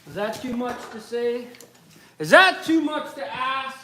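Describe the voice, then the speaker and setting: High-voiced guy cussing up a storm on his shop stream, slow drawl, a little background hiss. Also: pushed and bright. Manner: profane, combative, ranting. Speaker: livestreaming woodworker. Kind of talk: casual livestream rant while working. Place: home workshop.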